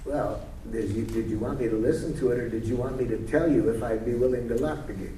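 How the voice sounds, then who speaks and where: A man's voice: medium pitch, quick pace, dark tone. A man leading a communication workshop, teaching through role-play and playful storytelling. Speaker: workshop leader. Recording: roomy hall, distant mic, faint hiss.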